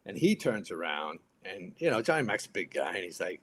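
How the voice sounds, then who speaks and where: A man's voice: mid-range voice, normal speed, few pauses. A man in his fifties, a retired firefighter turned actor, telling stories as a podcast guest and acting out what people said. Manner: animated storyteller acting out others' lines. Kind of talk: casual storytelling.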